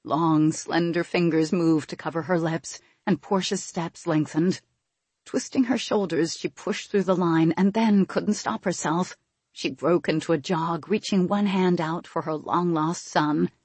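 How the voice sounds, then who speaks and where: Husky low-voiced woman narrating a story. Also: steady tone, a little slow, a little mellow, no room sound. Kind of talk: scripted audiobook narration.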